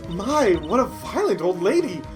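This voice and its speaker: Young male rookie lawyer, polite, questioning, animated pitch, read by a streamer, quiet music behind. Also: normal speed, close to an everyday voice. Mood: puzzled. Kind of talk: reading game dialogue aloud on stream.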